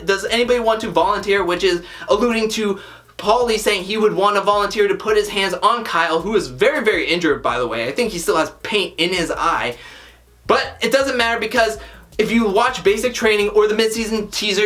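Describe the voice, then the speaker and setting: A woman's voice: mid-range voice, a bit bright. Woman reviewer, chatty recap voice, opinionated, exasperated asides, rambling run-on delivery. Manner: opinionated, exasperated rhetorical questions. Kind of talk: casual episode recap and commentary.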